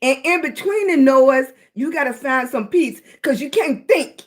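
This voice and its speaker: High-voiced affectionate woman streaming. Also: animated, a little slow. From Virginia, US. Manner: affectionate, greets viewers as baby and sweetie. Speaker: live streamer. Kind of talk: casual livestream chat to viewers.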